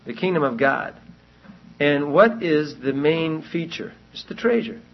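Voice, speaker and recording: Man, Bible teacher, lecture, husky voice, earnest, repeats key points, muffled lo-fi recording. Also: on the high side, animated, measured pace. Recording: dull lo-fi recording.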